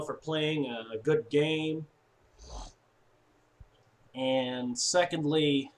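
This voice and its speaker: A high-pitched man rants about his team's loss. He talks slowly and drags his words, then breaks out shouting and swearing between muttered stretches. He sounds upset. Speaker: sports fan commentator. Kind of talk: ranting fan monologue.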